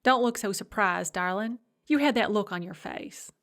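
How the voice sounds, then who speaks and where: A woman's voice: mid-range voice, moderate pace, fairly bright tone, natural voice. A woman narrating an audiobook, voicing a doting, shrewd old grandmother with a fond, drawling, teasing manner. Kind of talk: audiobook character voice.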